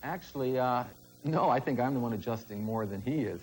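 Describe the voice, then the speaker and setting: A man's voice: mid-range voice, fairly quick, a little hiss or hum, poor audio. A man on a game show, giving brief, plain answers.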